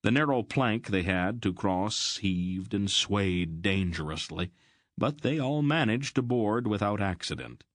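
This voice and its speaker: A man narrates a fantasy audiobook in a deep, low voice, steady and even. The recording is close and completely dry. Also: measured pace, no echo. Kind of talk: scripted narration.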